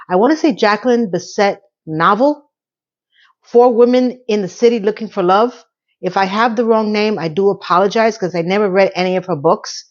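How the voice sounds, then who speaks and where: A chatty woman talks through a TV episode in a loose, rambling way, slipping into the characters' lines and drifting into personal asides. Her voice sits at an ordinary middle pitch. The recording sounds a little muffled. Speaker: TV series recap reviewer. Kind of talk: casual spoken episode recap.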